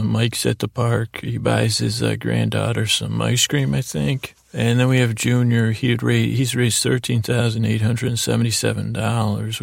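A man with a gravelly, heavily fried voice rambles through a bedtime podcast recap, stopping and restarting often. His delivery stays level and flat. The sound is dry and close, with no room around it. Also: medium pitch, dry recording. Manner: halting, full of fillers and restarts. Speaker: podcast host.

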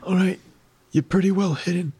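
A man's voice: high voice, steady tone, moderate pace, warm tone, husky, no echo. A man narrating a tabletop game as game master, playful and teasing with his players.

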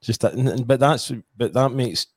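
A man's voice: medium pitch, normal speed, husky, no room sound, clean studio sound. A Scottish man hosting a casual football podcast, chatty and full of asides. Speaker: podcast host.

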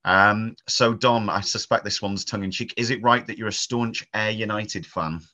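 A man with a very low voice but a bright, forceful edge hosts a podcast. He puts casual questions to his guest in a light, amused manner. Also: steady tone, moderate pace. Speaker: podcast host.

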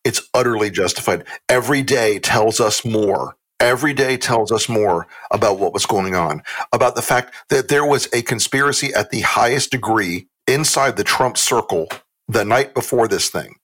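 A man hosting a political podcast, talking in a profane, sarcastic, animated way. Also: lowish voice, normal speed. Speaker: podcast host. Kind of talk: casual political chat.

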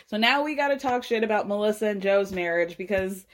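A woman with a slightly high voice talks through a reality-show recap in a blunt, sarcastic way. She swears freely and sounds exasperated. It is casual podcast chatter. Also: animated, moderate pace. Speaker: podcast host.

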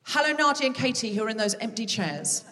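A woman hosting a live comedy podcast, chatting and teasing the audience from a theatre stage with quick asides. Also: on the high side, big pitch swings, sharp tone. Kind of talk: live stand-up crowd work. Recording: live theatre recording with long reverb.

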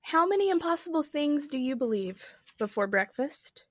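Woman host, chatty and amused, reads aloud; bright lively pitch, dry close sound. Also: moderate pace, no echo. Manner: chatty, wondering, amused asides. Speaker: podcast host and reader. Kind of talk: casual musing and reading aloud.

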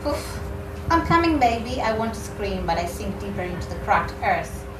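A woman reading a novel excerpt aloud at a literary event, in a measured, expressive way. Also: medium pitch. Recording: echoey room, mic far off, background noise.

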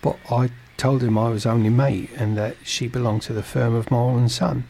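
A man's voice: medium pitch, steady tone, normal speed, vocal fry, warm tone, a little hiss or hum, close to an everyday voice. A man narrating a storybook and voicing a polite, earnest young ship's mate.

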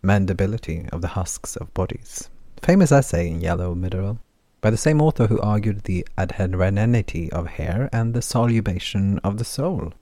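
A man's voice: deep voice, expressive, moderate pace, few pauses, dark tone, no room sound. A man voicing a wry, teasing woman healer. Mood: dry. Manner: wry, blunt, mischievous.

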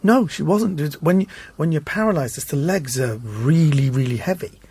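Husky-voiced man telling stories. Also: a little high, moderate pace. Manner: animated storyteller, acts out quoted voices. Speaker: comedian guest. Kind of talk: casual anecdotal chat.

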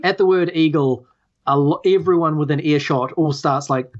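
A woman's voice: deep voice, normal speed, highs cut off. A woman narrating a tabletop game as game master, hesitant with many fillers.

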